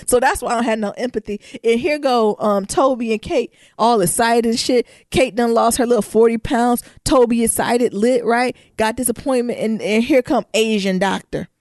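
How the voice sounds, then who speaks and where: A young woman from Detroit co-hosting a podcast in casual, profane chat with lively asides. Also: a little high, moderate pace, dry recording, studio quality. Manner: animated, profane, laughing asides. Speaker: podcast co-host.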